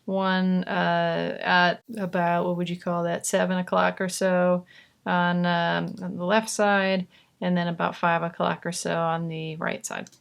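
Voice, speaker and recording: A woman's voice: lowish voice, unhurried, vocal fry, clean tone. Chatty woman explaining vocal production. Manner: chatty, relaxed, with fillers and asides. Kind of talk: casual tutorial explanation.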